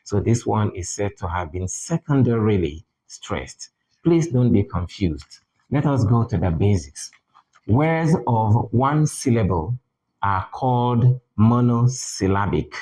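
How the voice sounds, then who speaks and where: A man teaching English pronunciation in a deliberate manner, repeating key words for emphasis. English is not his first language. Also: lowish voice, very animated, dark tone, slightly rough, rough recording. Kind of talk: spoken lesson.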